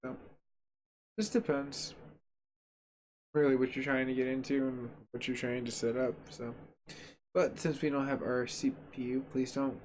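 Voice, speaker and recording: A man's voice: mid-range voice, little pitch movement, unhurried, pauses often, darkish tone, a little hiss or hum. A man hosting a gaming channel, giving casual, joking, rambling commentary at his home computer setup while he tests a graphics card. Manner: joking, rambling and sarcastic, with frequent fillers.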